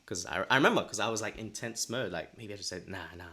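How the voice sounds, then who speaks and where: A man's voice: fairly low pitch, quick pace, pushed and bright. A young man co-hosting a podcast, telling a story in casual chat and acting out his own past thoughts. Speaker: podcast co-host.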